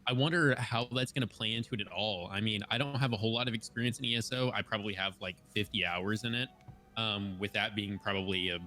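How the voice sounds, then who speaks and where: A man's voice: on the low side, fast talker, pushed and bright. A man on a gaming podcast, thinking aloud casually with many fillers. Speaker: podcast guest.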